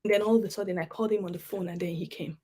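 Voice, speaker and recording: A woman giving an emotional personal testimony at a summit, halting and repeating words as she pleads earnestly with listeners. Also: medium pitch, steady tone, mellow, breathy edge. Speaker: summit speaker.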